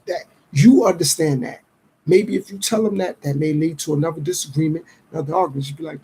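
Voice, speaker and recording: Casting: male podcast host, middle-aged, high-pitched, dark and raspy tone, streetwise musing. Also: rough recording. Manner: reflective, streetwise, acts out others' lines in quick voices. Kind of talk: casual podcast monologue.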